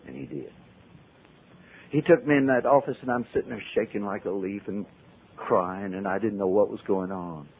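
A man's voice: lowish voice, normal speed, a little hiss or hum. A man telling his life story to a group, acting out the voices of the people in it. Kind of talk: storytelling talk. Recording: tinny, phone-like old recording.

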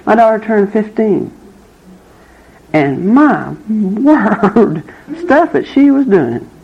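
Very animated yet slow-paced, a middle-aged woman tells her own story at a recovery meeting, candid and wry, laughing her way through hard memories. Slight background noise sits beneath this muffled, low-fidelity testimony recording.

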